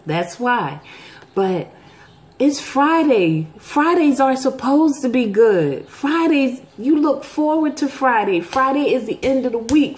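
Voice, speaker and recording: Chatty middle-aged woman storyteller. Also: a little mellow. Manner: chatty storyteller, jumps high to act out quoted voices. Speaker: vlog host. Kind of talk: casual chat to viewers.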